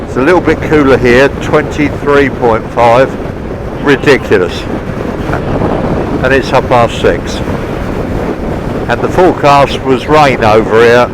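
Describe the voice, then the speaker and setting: A man's voice: medium pitch, measured pace, pauses often. Cheerful man riding through wind noise. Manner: chatty, cheerful, talking while riding. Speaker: motorbike vlogger. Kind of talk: casual ride commentary. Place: outdoors on a moving motorbike.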